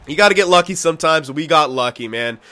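A young man giving live commentary on his own hockey video game play, excitable and swearing loudly at the computer players. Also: on the high side, fast. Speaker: gameplay commentator.

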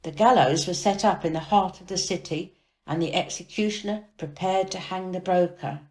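A woman reading a children's storybook aloud as storyteller, expressive and dramatic. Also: on the low side, moderate pace. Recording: echoey room.

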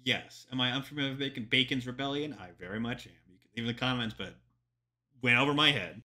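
A man's voice: mid-range voice, quick pace, bright, forceful tone. A young man, a historian, reacting to a history video in casual chatty commentary with lots of ums and joking asides.

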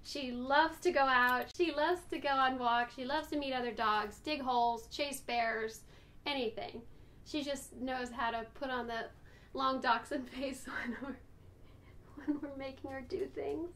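A woman's voice: sits high, fairly even intonation, measured pace, fairly bright tone. A woman vlogger chatting casually to camera about her rescue dogs, affectionate and rambling, cooing at them now and then. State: out of breath.

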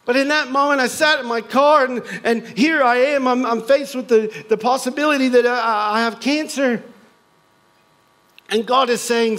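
A middle-aged man with an American accent and a notably high-pitched voice shares a personal testimony before a congregation. His storytelling is earnest and unhurried, broken up now and then by dry jokes at his own expense. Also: steady tone, fairly bright tone, poor audio. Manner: earnest storytelling with light self-deprecating humor. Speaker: guest speaker.

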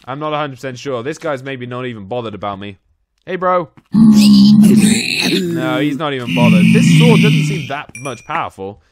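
A young man from England giving chatty Let's Play commentary, talking to the characters in the game and yelping when startled. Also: mid-range voice. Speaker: gaming YouTuber.

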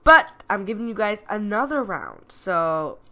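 A woman giving casual, excitable, self-deprecating commentary while playing a video game. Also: medium pitch, a little slow. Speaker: gameplay commentator.

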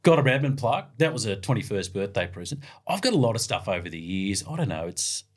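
A man's voice: fairly low pitch, fast. A middle-aged man with an Australian accent, a radio sports broadcaster telling casual anecdotes as a guest. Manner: lively yarn-spinning, plays out the voices of others.

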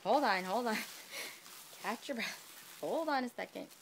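A woman's voice: fairly high pitch, measured pace, vocal fry, slight background noise. Breathless, gushing woman vlogger. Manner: gushing, breathless, excitable, gasping and whispering in awe. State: hot and out of breath. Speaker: vlogger opening a craft swap package. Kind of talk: casual unboxing vlog.

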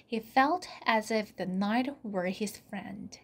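Slow, soft storybook reader. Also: female voice, medium pitch. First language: Korean. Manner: soft, often dropping to a whisper. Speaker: channel host reading aloud. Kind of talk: slow read-aloud storybook narration.

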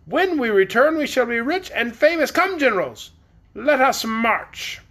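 A man voicing a shrill, self-important queen who leads a tiny army in a storybook reading. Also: very animated, measured pace, sharp tone, full character voice. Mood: grandly boastful. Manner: grandly boastful.

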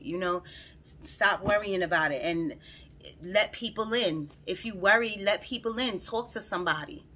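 Bright-voiced woman giving a chatty tarot reading. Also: mid-range voice, moderate pace. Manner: chatty, rambling, repeats herself, addresses viewers directly. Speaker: tarot reader. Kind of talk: casual spoken tarot reading to camera. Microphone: phone.

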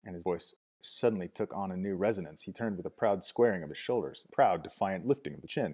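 A man narrates a novel in a low, mellow voice with a husky edge. His reading is steady and measured, with occasional small restarts. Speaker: audiobook narrator.

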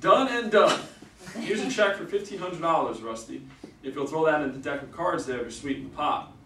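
A man's voice: a little high, animated, moderate pace, bright, forceful tone, slight background noise. A man reading an eager young groom. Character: cheerful young newlywed husband. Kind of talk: reader's theater stage reading. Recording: echoey hall from far off.

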